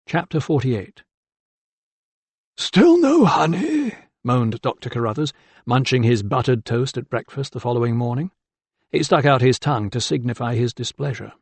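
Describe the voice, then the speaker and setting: A man reads an audiobook in a steady, deliberate storytelling manner. His voice has a gravelly grain, and the recording is dry and close. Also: medium pitch, no echo. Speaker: audiobook narrator. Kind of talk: scripted narration.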